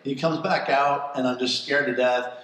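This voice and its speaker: A man hosting a live event, telling a lively personal story to an audience and laughing often. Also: mid-range voice, normal speed. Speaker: event host. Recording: echoey room, far from mic.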